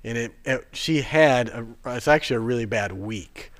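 A man preaching a sermon, telling a personal story in a chatty, rambling way with fillers and restarts, then turning hushed and earnest. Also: mid-range voice, moderate pace.

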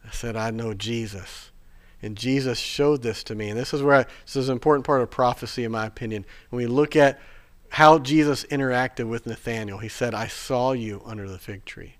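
A man preaching a sermon, telling a personal story in a chatty, rambling way with fillers and restarts, then turning hushed and earnest. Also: medium pitch, a little fast.

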